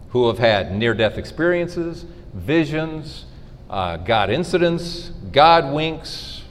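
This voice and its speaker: Middle-aged male speaker, animated storyteller at a faith talk, lively pitch, reverberant hall sound. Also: slight background noise. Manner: storytelling, animated, acts out dialogue. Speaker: podcast host giving a faith talk. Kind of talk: inspirational talk to a live audience. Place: school hall.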